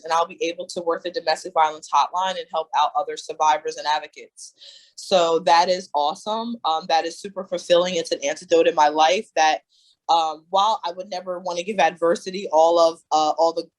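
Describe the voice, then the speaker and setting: A woman's voice: on the low side, low-quality recording. A young woman talking candidly as a coaching client, earnest and emphatic, with many fillers and restarts. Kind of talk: candid conversation.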